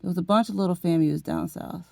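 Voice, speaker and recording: She talks fast in a steady, darkish, low voice with vocal fry, recorded without echo. A middle-aged woman from Florida, she vlogs in a chatty, emotional style, calling her audience "honey" and "y'all."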